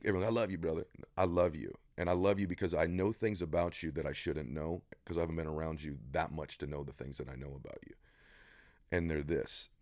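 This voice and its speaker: Deep, emphatic motivational speaker man. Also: no room sound, clean studio sound. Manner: emphatic, preacherly, building to intensity. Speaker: podcast guest. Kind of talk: motivational interview talk. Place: studio room.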